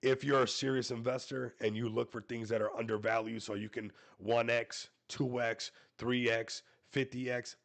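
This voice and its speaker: A man's voice: mid-range voice, gravelly. A man hosting a crypto live stream, sick with a stuffy nose, hyping a project in a salesy way. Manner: hyped, salesy, repeats "everybody". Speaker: crypto YouTuber host. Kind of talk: live stream promo talk.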